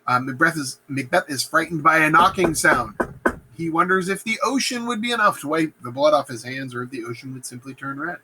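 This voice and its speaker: A male teacher casually retelling a play in a lesson, slangy and animated, acting out lines in voices. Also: a little high, fairly quick, a little hiss or hum, rough recording. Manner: animated, slangy, acts out quotes in funny voices.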